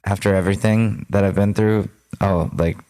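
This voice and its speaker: Man, late 20s, podcast co-host, casual chat, lowish voice, swears easily. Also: steady tone, normal speed, mellow. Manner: loose, swearing, self-deprecating storytelling.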